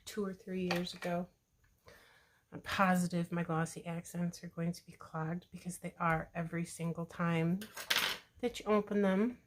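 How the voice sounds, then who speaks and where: A woman hosting a crafting video, talking casually to viewers in a relaxed, chatty way while working with her hands. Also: on the low side, slight background noise. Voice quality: relaxed, chatty, self-deprecating asides.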